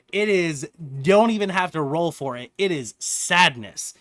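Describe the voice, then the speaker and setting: Bright-voiced game master, dry close mic. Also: male voice, high voice, takes it slowly, no room sound. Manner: relaxed, laughs often, stumbles and restarts. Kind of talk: narrating a tabletop game.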